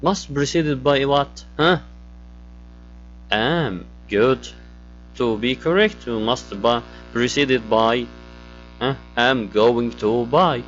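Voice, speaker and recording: A man walks through a grammar lesson at a slow, careful pace. He asks questions and repeats key words. The recording sounds a little muffled, with faint music behind him. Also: mid-range voice. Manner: explains step by step, switches to Arabic glosses, asks questions. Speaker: English teacher.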